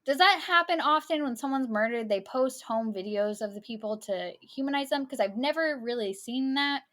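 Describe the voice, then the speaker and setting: A woman co-hosting a podcast, chatting casually about a movie, quick to laugh and to admit when she's wrong. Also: on the high side, expressive, fairly bright tone. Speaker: podcast co-host. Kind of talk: casual chat.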